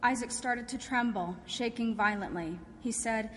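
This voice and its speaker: A woman's voice: a little high, moderate pace, slight background noise. Woman reading scripture in a church. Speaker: scripture reader. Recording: reverberant church hall.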